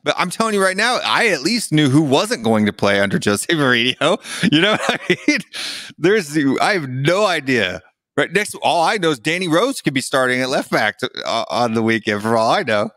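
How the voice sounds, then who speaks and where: A man's voice: fairly high pitch, sing-song, normal speed, fairly bright tone, dry recording, studio quality. A young adult man co-hosting a podcast in casual chat, talking in an exasperated, rambling way with lots of fillers. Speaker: podcast co-host.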